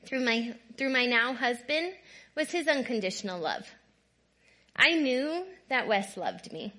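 A woman with a high, bright voice shares her personal testimony in a candid, conversational way. She often checks in with her listeners, shifting between hushed, quiet moments and louder stretches. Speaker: guest speaker.

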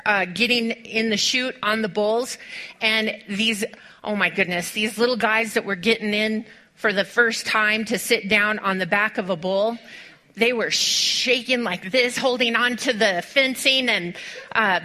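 A woman preacher delivering a sermon to a congregation, telling stories with lively rhetorical questions and speaking directly to her listeners. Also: a little high. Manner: animated storytelling with rhetorical questions.

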